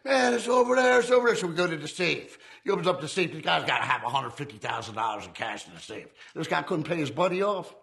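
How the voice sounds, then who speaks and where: A man's voice: fairly high pitch, animated, fast, vocal fry, few pauses, sharp tone. A man from the United States, a former outlaw biker, telling his story in a casual, profane, streetwise way and acting out the dialogue.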